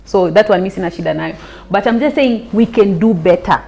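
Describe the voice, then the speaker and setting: Kenyan woman guest, fast and emphatic, says things twice, mid pitch. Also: creaky, dark tone, soft background music. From Nairobi, Kenya. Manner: emphatic, repeats her points. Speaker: talk show guest. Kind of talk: casual chat mixing Swahili and English.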